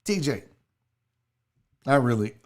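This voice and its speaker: Animated, profane male show host. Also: medium pitch, takes it slowly. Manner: profane, incredulous ranting at chat. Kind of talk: live-stream comedy rant.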